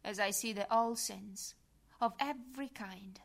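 A woman reading a devotional prayer aloud in a soft, reverent manner, sometimes dropping to a breathy whisper. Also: medium pitch, unhurried. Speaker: devotional reader.

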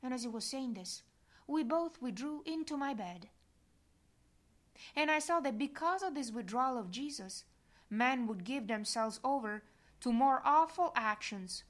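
A woman reading aloud a devotional diary in a solemn, measured manner. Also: fairly high pitch. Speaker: reader.

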